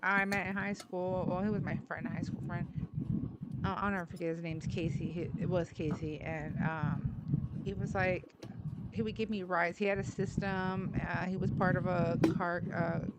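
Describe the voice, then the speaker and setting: A woman's voice: lowish voice, steady tone, normal speed. A woman hosting a live chat, telling a long story full of fillers and acting out quoted dialogue. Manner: rambling, filler-heavy, acts out quoted dialogue. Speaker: live stream host. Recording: loud background noise.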